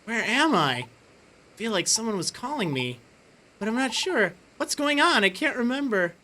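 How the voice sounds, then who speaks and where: A woman's voice: fairly high pitch, big pitch swings, moderate pace, bright, forceful tone, full character voice. A woman voicing a confused young hero who has turned into a small, cute creature, speaking in a startled, exclamatory way. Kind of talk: reading game dialogue aloud.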